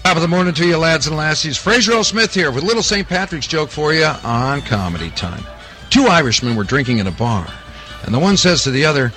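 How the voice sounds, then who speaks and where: A man's voice: fairly high pitch, very animated, brisk, sharp tone, faint music behind, low-quality recording. Chipper man telling jokes. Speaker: comedy radio host.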